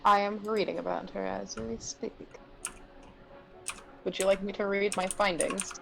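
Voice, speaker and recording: A woman chatting casually while making a tabletop game character, soft-spoken and quick to laugh. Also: medium pitch, steady tone, gravelly, slight background noise, poor audio. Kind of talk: casual chat.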